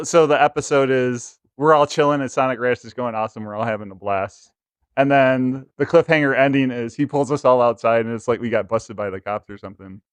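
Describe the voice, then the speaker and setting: A man's voice: mid-range voice, smooth, no room sound. A man in a band joking playfully in casual chat. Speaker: band member.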